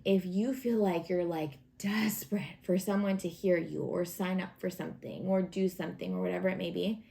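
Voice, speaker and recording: This tarot reader has a fairly low voice with some vocal fry. Her weekly reading is relaxed and chatty, full of fillers, playful asides and warm encouragement.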